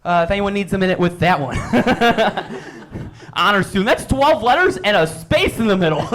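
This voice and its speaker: High-voiced man doing stand-up. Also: lively intonation, moderate pace, fairly bright tone. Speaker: stand-up comedian. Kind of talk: stand-up set.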